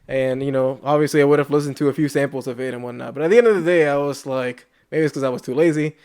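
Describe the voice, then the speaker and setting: A man's voice: mid-range voice, fast, a little mellow, clear, resonant tone. A man co-hosting a casual podcast chat, rambling with many likes and restarts. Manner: rambling, heavy use of "like", frequent restarts. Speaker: podcast co-host.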